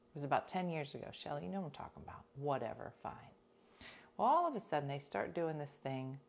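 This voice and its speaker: A woman host talking casually to her listeners, her voice sitting a little low. She tells stories in an animated, chatty way, and now and then she drops to a whisper for an aside. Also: fast talker, creaky.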